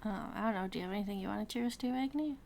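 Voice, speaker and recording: A woman chatting as a player in an online tabletop game, quick and chatty. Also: mid-range voice, creaky, a little mellow, slight background noise. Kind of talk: casual chat in a tabletop game.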